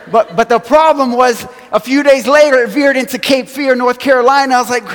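High-pitched guy preaching, telling stories with little laughs, echoey church hall. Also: a little fast, few pauses. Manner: animated storytelling with acted quotes, chuckles. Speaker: pastor. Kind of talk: sermon storytelling. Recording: long hall reverb.

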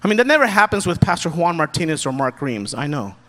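A man preaching a sermon from the pulpit in a relaxed, joking, conversational way. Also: a little high, fast talker, in a large hall. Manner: casual, joking preacher who acts out quotes. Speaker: pastor.

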